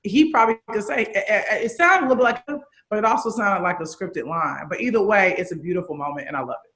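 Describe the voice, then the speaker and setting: A woman's voice: mid-range voice, animated, fast talker, a bit bright. A woman in her thirties from Chicago, a guest in a casual interview, talking candidly and animatedly and swearing freely. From Chicago, USA. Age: 30s.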